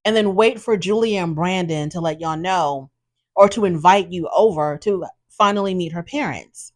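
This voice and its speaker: A woman, hosting and giving opinionated, animated commentary on a show and acting out quotes in her own voice. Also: on the low side, moderate pace. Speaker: host recapping a reality show. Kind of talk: casual commentary.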